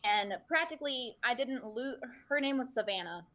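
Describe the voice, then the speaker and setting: A woman talking in a casual podcast chat with a bright, forceful voice set a little high. She sounds earnest and emotional and rambles with plenty of fillers. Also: animated, normal speed, highs cut off. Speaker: podcast guest, streamer.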